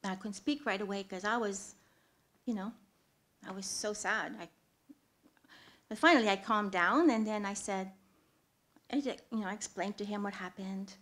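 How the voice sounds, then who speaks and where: On a theatre stage, a woman tells a true story from her own life to a live audience, her mid-range voice earnest. She pauses often, then suddenly swells to loud moments.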